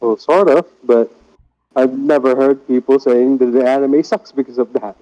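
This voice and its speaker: A man's voice: mid-range voice, steady tone, moderate pace, mellow, poor audio. A man watching a friend play a game, tossing in blunt, teasing questions. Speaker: co-host friend. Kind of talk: casual game banter.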